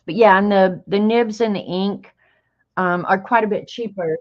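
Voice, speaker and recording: A woman's voice: medium pitch, moderate pace. A middle-aged woman hosting an art livestream, chatting casually and talking to herself as she draws. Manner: chatty, talks to herself while working. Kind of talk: casual chat while drawing. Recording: dull lo-fi stream audio.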